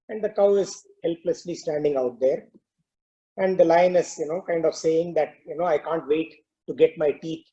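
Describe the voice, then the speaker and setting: A man leading a spiritual talk, weaving a story into his teaching in a relaxed, conversational manner. His voice is fairly high-pitched for a man yet very dark and mellow in tone. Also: highs cut off. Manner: conversational, many "you know" fillers. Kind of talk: devotional discourse with storytelling.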